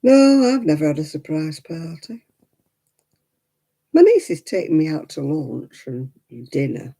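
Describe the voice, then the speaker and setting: A woman's voice: low-pitched, sing-song, measured pace, gravelly, mellow. A middle-aged woman chatting casually while knitting on a crafting livestream, cooing baby talk to her dog in between.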